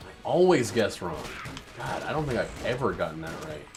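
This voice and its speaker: A man with a very low voice gives casual, wry commentary while he plays a video game. He rambles and mutters asides to himself. Game music and gunfire play clearly behind him. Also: very animated, normal speed. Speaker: streamer playing a video game. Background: loud game music and gunfire.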